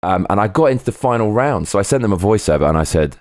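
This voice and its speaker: Chatting on a laid-back stream, a man reads out viewer comments between tangents and curses without restraint. His fairly low voice is expressive and fast, captured dry and near the microphone.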